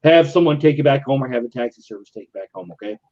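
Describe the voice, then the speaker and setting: A man's voice: medium pitch, quick pace. A man casually telling a long, profane party story on a live stream. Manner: rambling, profane, animated retelling. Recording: lo-fi muffled stream audio.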